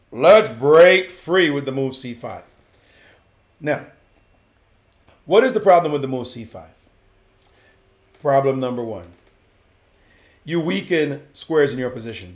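A man giving playful, slangy chess commentary as a grandmaster analyst, acting out what the players might be thinking. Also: mid-range voice.

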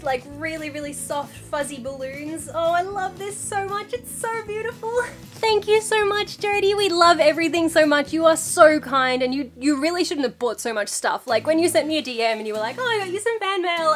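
A woman chatting excitedly as she unboxes parcels at home, gushing over each item and scolding her pet. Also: high-pitched. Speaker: vlogger. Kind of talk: casual unboxing vlog.

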